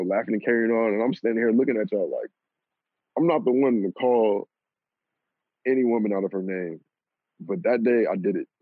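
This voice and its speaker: A young man casually telling a personal story, animated and swearing and laughing at himself. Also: lowish voice, dry recording. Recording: lo-fi phone-like audio.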